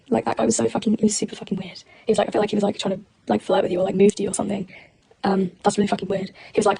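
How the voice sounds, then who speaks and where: A young woman on a livestream, telling a personal story in rapid, agitated casual chat, acting out quotes with nervous laughs. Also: mid-range voice, steady tone, vocal fry, dark tone, husky, poor audio. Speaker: streamer.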